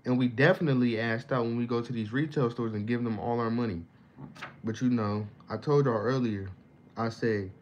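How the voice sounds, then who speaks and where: Slangy, profane young man ranting. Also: mid-range voice. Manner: slangy, profane, rambling with sudden loud bursts. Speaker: vlogger. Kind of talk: casual unscripted rant. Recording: slightly dull lo-fi with faint hiss.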